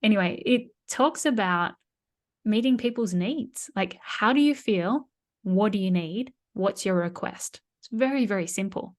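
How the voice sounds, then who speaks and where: A middle-aged woman, speaking as an interview guest about communication, telling stories and explaining in a lively way, with frequent restarts. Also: mid-range voice, measured pace. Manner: animated storyteller, frequent restarts and laughs.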